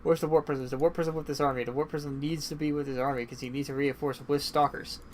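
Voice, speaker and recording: A man giving casual, chatty play-by-play commentary on a strategy game match, swinging into excited bursts, and sounding tired. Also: on the high side, fast, slight background noise. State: yawning, tired. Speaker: esports caster.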